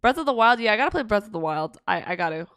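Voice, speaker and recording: A woman's voice: medium pitch, animated, rapid-fire, fairly bright tone, dry recording, studio quality. A young woman streaming live, chatting casually with viewers in a rambling, giggly way. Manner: rambling and giggly, with many restarts. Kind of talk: casual livestream chat answering viewer questions.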